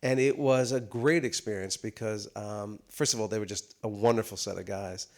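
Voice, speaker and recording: A man's voice: on the low side, moderate pace. A man telling stories on a theater stage. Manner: animated, comic anecdotes with many fillers. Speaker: guest actor at a live talk. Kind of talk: storytelling on stage. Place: theater stage before a live audience.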